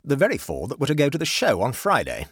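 A man reading aloud, voicing an agitated, indignant country gentleman in a story. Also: medium pitch, huge pitch swings, fast talker, husky, no echo, clean studio sound, voice pushed up. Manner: indignant, fuming.

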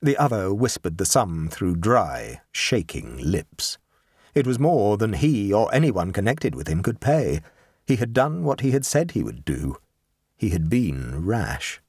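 A man narrating a classic short story in an expressive way. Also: breathy edge, no room sound, studio quality. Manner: expressive, shifting pitch for dramatic beats.

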